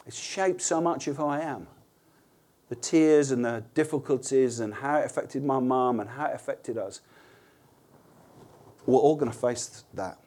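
A man's voice: mid-range voice, measured pace, long pauses, a little mellow. A man preaching a sermon in an earnest, conversational way, asking rhetorical questions and restarting words as he goes.

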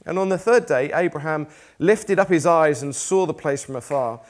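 A man's voice: fairly high pitch, animated, normal speed. A man preaching a sermon in a church, reading scripture aloud in a conversational, lightly self-deprecating way.

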